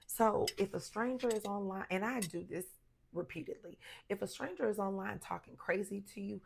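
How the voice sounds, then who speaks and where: A woman's voice: moderate pace, gravelly, a little hiss or hum. Blunt, sassy woman giving advice. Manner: blunt and sassy, with sudden jumps up in pitch for emphasis. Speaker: lifestyle advice vlogger. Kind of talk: casual advice monologue.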